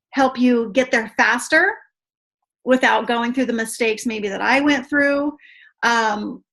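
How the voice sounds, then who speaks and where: A woman leading an online team training, chatty and excitable, often saying "you guys.". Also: fairly high pitch. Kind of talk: online video call training. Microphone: video call.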